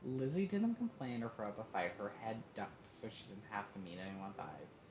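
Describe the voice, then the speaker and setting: Streamer, male, lower voice, reads narration with asides; faint background noise. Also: lively intonation, normal speed, hardly any pauses, a little mellow. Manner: reads aloud with asides and laughs. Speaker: streamer reading a story game. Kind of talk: live-streamed story narration. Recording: roomy echo, faint noise.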